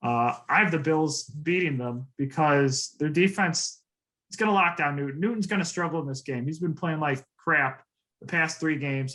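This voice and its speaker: A man's voice: fairly high pitch, sharp tone, rough recording. A man co-hosting a casual chat about football picks, talking loosely with lots of fillers and confident predictions. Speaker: co-host.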